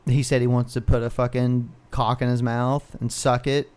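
A man's voice: medium pitch, flat delivery, moderate pace, a little mellow, smooth. A man co-hosting a podcast, ranting in casual, profane chat. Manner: ranting, heavy swearing. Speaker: podcast co-host.

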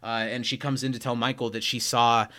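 A man's voice: medium pitch, level tone, fairly quick, pushed and bright. A young man co-hosting a podcast, chatting casually as he recaps a TV episode and acts out lines from its scenes. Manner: retells scenes by quoting lines, laughs often. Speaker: podcast co-host.

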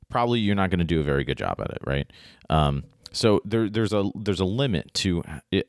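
A man with a very deep voice talks through a writing lesson in a relaxed, chatty way, stopping often to ask "right?" The sound is dry and close, with no room echo at all. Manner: conversational, frequent "right?" and restarts. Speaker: writing teacher. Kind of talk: casual spoken lesson.

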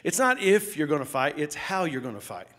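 A middle-aged man preaching as a pastor, telling stories and asking the congregation questions, swinging between loud outbursts and hushed asides. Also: on the high side, very animated, a little fast. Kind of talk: sermon.

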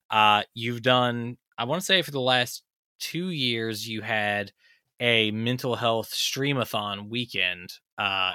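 A man's voice: medium pitch, pushed and bright, no room sound, clean studio sound. A man hosting a casual podcast interview, teasing his guest and rambling through his questions. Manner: teasing, joking, rambling with fillers. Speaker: podcast host.

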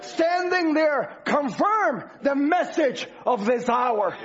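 Preacher, male, very high-pitched, driving repetitive sermon delivery, muffled lo-fi audio. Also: expressive, slow, hardly any pauses, fairly bright tone. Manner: emphatic, repetitive preaching cadence. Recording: dull lo-fi recording.

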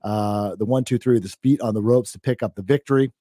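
A man with a mellow, warm voice talks through a recap in a loose, chatty way, full of "uh"s and small laughs. The sound is dry and close, with no room around it. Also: on the low side, fairly quick, no room sound. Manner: relaxed, chatty, many fillers and laughs. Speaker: podcast co-host. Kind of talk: casual wrestling recap chat.

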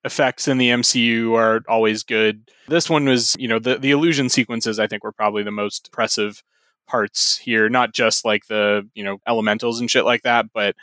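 Smooth-voiced man, measured chat. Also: mid-range voice, fairly even intonation, pushed and bright, no echo, studio quality. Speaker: podcast co-host. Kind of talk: casual chat.

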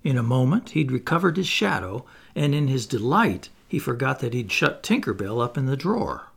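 Expressive gravelly male storyteller. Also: medium pitch, moderate pace. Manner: lively, expressive read-aloud with playful asides. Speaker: audiobook reader. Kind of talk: storybook narration.

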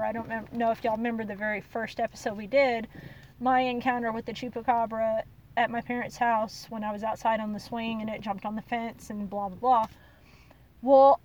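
A woman, hosting a podcast and telling a story in a chatty, animated way. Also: a little high, recorded from a distance, slight background noise, poor audio. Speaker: podcast host. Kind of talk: casual storytelling.

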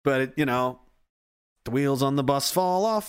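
A man's voice: fairly high pitch, normal speed. A man giving a casual, rambling monologue, swearing freely and often restarting his sentences. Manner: profane, rambling, self-interrupting.

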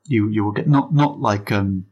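A man's voice: on the low side, normal speed, lo-fi sound. A British man talking casually as an interview guest, thoughtful and hesitant with frequent restarts. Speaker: comedy podcaster, guest.

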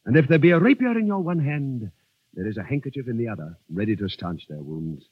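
An earnest, courtly army captain lectures in formal phrases, his voice swooping dramatically up and down. His tone is husky, and the old radio recording muffles it. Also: mid-range voice, big pitch swings, fairly quick, no room sound, narrow, tinny audio. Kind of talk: 1930s radio drama acting.

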